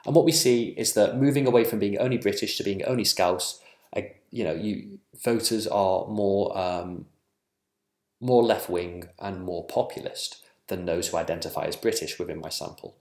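A man presenting survey research at a conference, measured and full of ums and small self-corrections. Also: sits low, fairly even intonation, darkish tone, reverberant.

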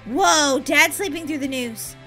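A woman voicing Molly, an excitable young girl in a game role-play, chatty and giggly, talking to herself. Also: high-pitched, measured pace, over loud music. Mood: excited. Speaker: roleplay gamer.

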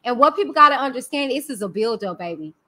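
A woman with a Texan accent hosts a casual live stream. Her voice sits high and rings bright. She talks candidly and with energy straight to her viewers, full of "y'all" and "you know what I'm saying". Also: lively intonation, fast. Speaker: livestream host.

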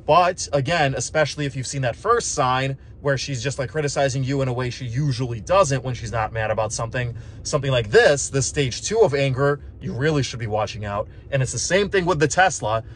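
A man's voice: mid-range voice, brisk, hardly any pauses, slight background noise. A man talking in a casual, wry, explanatory way, full of "like" and "just". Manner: conversational, wry, uses lots of filler like "like" and "just". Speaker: physician assistant vlogger.

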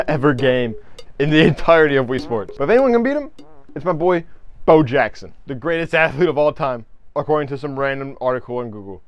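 Excitable young man yelling at a game. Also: mid-range voice. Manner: loud, excitable, swears, yells at the game. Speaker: gaming YouTuber. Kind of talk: gameplay commentary.

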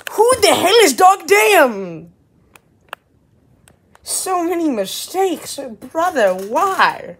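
A woman's voice: very high-pitched, big pitch swings, slow pace. A woman giving casual, exasperated reaction commentary, laughing and swearing freely. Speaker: video reactor.

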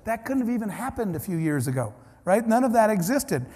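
A man's voice: sits high, very animated, brisk, a little mellow, breathy edge. A man from Ohio giving a keynote speech, telling a story with animation and acting out the dialogue. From Ohio, United States. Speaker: keynote speaker. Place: large conference hall. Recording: long hall reverb.

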